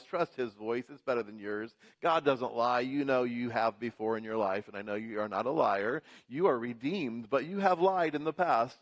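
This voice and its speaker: A pastor preaching a sermon in church, building emphasis through rhythmic repetition. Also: male voice, medium pitch.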